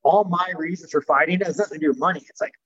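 Blunt fighter guest, a man with a husky voice on a muffled recording, swears a lot and rambles. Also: fairly high pitch, rapid-fire, fairly bright tone. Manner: blunt, profane, rambling with many fillers. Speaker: professional fighter. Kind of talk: casual interview chat.

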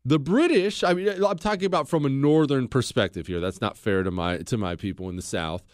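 A man's voice: medium pitch, a little fast, no echo, studio quality. A man hosting a podcast, telling history in a blunt, opinionated way, mocking people and acting out quotes. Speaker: podcast host.

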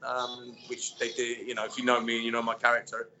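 A man, a former footballer, telling stories in a relaxed interview chat with many fillers. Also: medium pitch, brisk, slight background noise. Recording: dull lo-fi sound.

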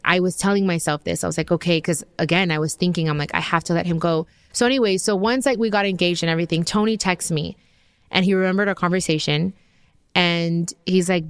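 A woman's voice: lowish voice, clean tone, no echo, studio quality. A woman in her thirties hosting her own podcast, talking candidly and emotionally in a rambling way, full of fillers and restarts. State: tearful. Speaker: podcast host. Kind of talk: personal podcast monologue.

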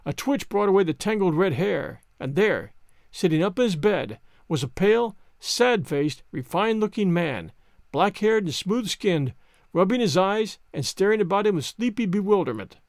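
A man narrating a story in an expressive, animated reading style. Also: sits high, moderate pace, no room sound, studio quality. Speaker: audiobook narrator.

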